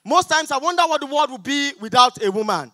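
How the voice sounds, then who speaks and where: A young Nigerian man with a Nigerian accent doing a stand-up comedy set on an auditorium stage, loud, pleading and mock-outraged with the crowd. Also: extremely high pitch, lively intonation, a little fast, no echo. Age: young adult.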